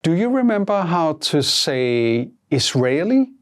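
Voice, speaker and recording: A teacher giving a scripted language lesson, prompting in a measured way and repeating each answer twice. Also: mid-range voice, big pitch swings.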